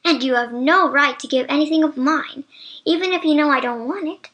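A woman's voice: high-pitched, brisk, fairly bright tone. A woman voicing a stern older aunt who scolds firmly in a storybook reading. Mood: scolding. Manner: scolding, firm.

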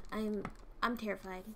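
A woman streaming a game, talking casually in an excitable, jumpy way and swearing often. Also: medium pitch, slow pace, background noise. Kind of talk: casual gameplay commentary.

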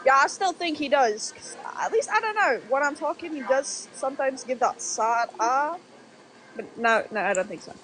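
A woman's voice: high-pitched, expressive, normal speed, fairly bright tone. A young woman from the Netherlands, a Dutch speaker, hosting a casual livestream, rambling and laughing as she answers viewer comments. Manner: chatty, rambling, laughs often, restarts sentences. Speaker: livestream host.

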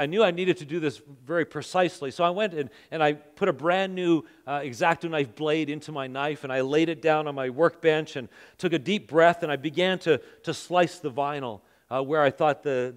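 A middle-aged man who is a pastor, preaching a sermon and telling a personal story, acting out his own thoughts with growing intensity. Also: a little high. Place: church auditorium. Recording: long hall reverb.

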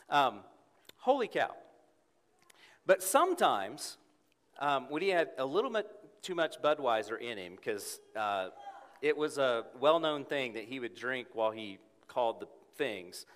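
A man preaching a sermon as pastor, telling stories playfully and then turning quiet and earnest. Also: medium pitch. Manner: animated, playful storytelling with quick shifts to a quiet, earnest tone. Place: church sanctuary. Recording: long hall reverb in a church.

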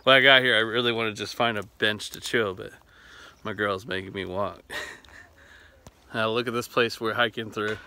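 A man's voice: on the low side, normal speed, sharp tone, slight background noise. A man vlogging casually, playfully teasing his dog and laughing often. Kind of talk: casual vlog chat.

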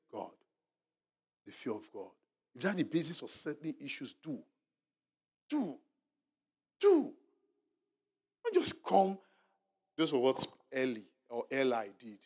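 Animated preaching pastor, a man. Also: mid-range voice. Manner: animated preaching, drops to a hushed murmur when acting out apologies; repetitive, exhorting. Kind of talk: Bible study sermon. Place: church hall.

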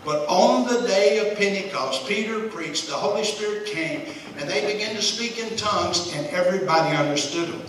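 Brief: folksy Bible study teacher, man, bright forceful voice, recorded from a distance. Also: high voice, normal speed. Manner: folksy, conversational, chuckles often. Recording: echoey room, distant mic, faint hiss.

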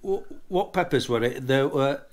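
A man's voice: mid-range voice, expressive, normal speed. A tipsy man hosting a casual product review, boisterous and jokey, swearing freely as he chats. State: tipsy from drinking. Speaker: snuff reviewer, channel host.

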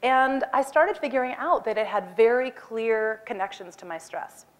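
A woman in her forties giving a talk on stage, lively and acting out her own lines with a raised voice. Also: fairly high pitch, normal speed. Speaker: speaker. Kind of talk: animated personal storytelling talk.

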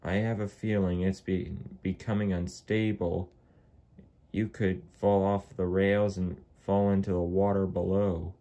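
A man's voice: sits low, level tone, unhurried, dark tone. A man voicing a kindly, older male toy engine who frets and warns cautiously. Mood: concerned. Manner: cautious, fretful warnings.

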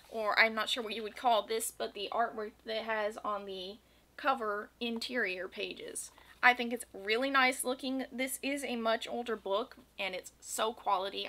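A woman's voice: fairly high pitch, normal speed, sharp tone. A woman reading a children's picture book aloud and chatting about it afterward. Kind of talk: read-aloud storytelling.

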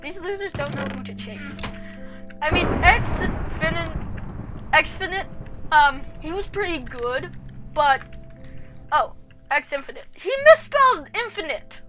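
Cocky high-voiced woman gaming. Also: lively intonation, takes it slowly, pauses often, loud music behind the voice. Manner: cocky, trash-talking, chatty. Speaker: gaming channel host. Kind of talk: live gameplay commentary.

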